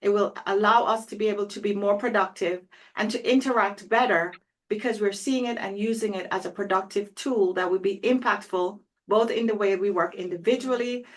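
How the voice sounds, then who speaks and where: A woman hosting an interview, upbeat and enthusiastic as she asks questions and sums up. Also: medium pitch. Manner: upbeat, enthusiastic, wrapping up with optimism. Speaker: interview host. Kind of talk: hosted interview conversation.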